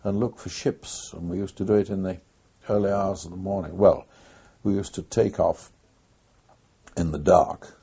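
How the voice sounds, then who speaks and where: An older man tells his story in an oral history interview, pausing often and recalling events in an unhurried way. His voice is deep, dark and mellow, and very husky. The recording is dull and lo-fi. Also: fairly even intonation. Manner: unhurried, reflective storytelling with frequent pauses. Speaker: former wartime pilot interviewee.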